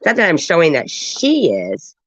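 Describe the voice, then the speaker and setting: A man's voice: fairly high pitch, huge pitch swings, normal speed, fairly bright tone, dry recording. A man chatting on a casual live stream, drawling with offhand asides. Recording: dull lo-fi dry audio.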